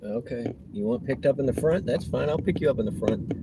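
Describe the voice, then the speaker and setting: A man streams himself on a delivery run, chatting away and cracking jokes with passersby. His voice has an ordinary middle pitch. Street and vehicle noise comes through clearly behind him. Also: lively intonation, quick pace. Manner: chatty, jokey asides, talks to passersby. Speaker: delivery rider vlogger. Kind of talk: casual live-stream commentary. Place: outdoors on city streets, riding a cargo bike. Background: traffic and street noise.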